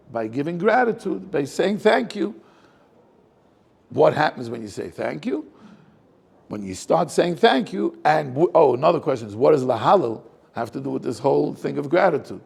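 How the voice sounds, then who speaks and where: Gravelly-voiced rabbi probing a text. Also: male voice, mid-range voice, darkish tone. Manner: probing, asks many rhetorical questions. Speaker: rabbi teaching a class. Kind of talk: Torah class, questioning the text aloud.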